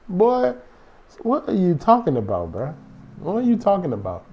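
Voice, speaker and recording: A lively male host talks through his team's season in loose, joking banter. His pitch leaps around and sits a bit high for a man. The tone stays soft and mellow rather than bright. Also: unhurried. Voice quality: animated, rambling, joking banter. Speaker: sports vlog host. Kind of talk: casual fan commentary.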